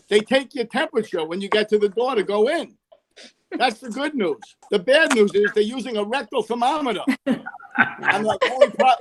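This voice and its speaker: A man's voice: sits high, slight background noise. A man telling jokes on a video call, rambling and correcting himself as he goes. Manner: rambling delivery, fumbles and corrects himself mid-joke. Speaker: joke-teller at an online comedy night.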